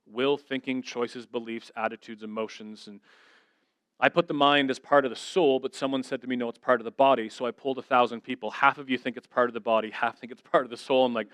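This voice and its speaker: A man giving a church talk, telling stories in an animated, self-deprecating way and acting out the conversations. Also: mid-range voice, fast talker, no echo, studio quality. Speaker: guest speaker.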